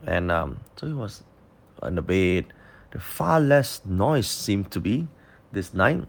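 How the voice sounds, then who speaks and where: A man's voice: low voice, very animated, unhurried, vocal fry, slightly rough. A man telling a parable-like story informally, rambling with many fillers and restarts.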